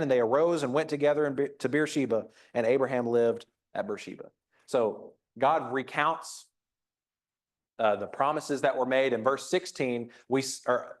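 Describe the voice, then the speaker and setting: Reflective man preaching a conversational sermon. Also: mid-range voice. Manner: reflective, reads scripture aloud with frequent restarts. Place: church auditorium.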